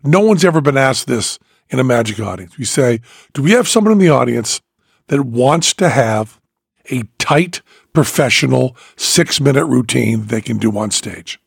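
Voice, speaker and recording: A man's voice: medium pitch, expressive, moderate pace, gravelly, husky, no echo, clean studio sound. A man hosting a casual chat, telling rambling stories and acting out dialogue. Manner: rambling storyteller, acts out dialogue. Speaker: podcast host, magician.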